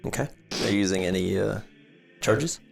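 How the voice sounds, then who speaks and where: A man serving as game master, calmly calling turns, rolls and hit points for his players. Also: fairly low pitch, moderate pace, vocal fry, faint music behind. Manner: relaxed, easygoing, calls turns and rolls. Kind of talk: running a tabletop game at a table.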